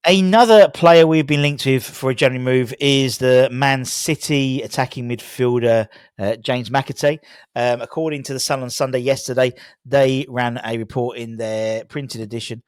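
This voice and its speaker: A man's voice: mid-range voice, normal speed, clean tone, dry recording, clean studio sound. Rambling man on transfer news. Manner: rambling, many fillers and restarts. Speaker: football fan channel host. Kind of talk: casual transfer-news commentary.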